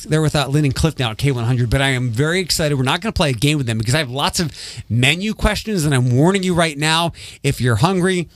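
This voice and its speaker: A man's voice: on the high side, fairly bright tone, no room sound. A man hosting a radio morning show, chatting casually with co-hosts in a dry, blunt manner and reading promos. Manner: dry, blunt, quick to correct others. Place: radio studio. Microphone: studio microphone.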